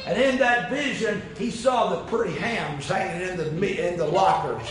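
A man preaching a sermon, telling a folksy story with repeated phrases and building to impassioned shouted climaxes. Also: high voice, moderate pace. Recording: very echoey room with faint noise.

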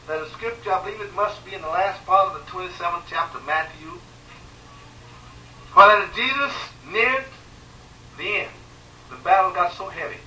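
A man preaching a sermon with emphatic repetition, swinging between loud pleading and quiet, sorrowful lines. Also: high voice, normal speed, long pauses, slight background noise. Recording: echoey room from far off, faint ambience.

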